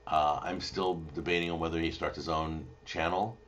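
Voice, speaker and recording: A middle-aged man hosting a live show, chatting casually and telling rambling, animated stories to viewers. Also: a bass voice, moderate pace, a little hiss or hum. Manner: rambling, animated storytelling with restarts. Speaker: cooking show host answering viewer questions.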